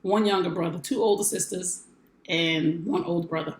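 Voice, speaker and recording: A woman's voice: lowish voice, normal speed. A woman in her forties, a life coach hosting her own broadcast, talking in an emphatic, repetitive, preacherly way. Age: 40s. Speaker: life coach and show host. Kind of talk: motivational broadcast talk. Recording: roomy echo.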